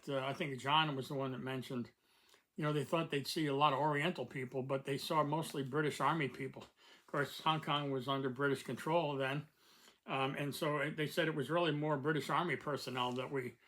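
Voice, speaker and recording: A man's voice: medium pitch, a bit bright, rough recording. An older man from the United States, hosting a casual review talk and rambling with many fillers and restarts. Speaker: host.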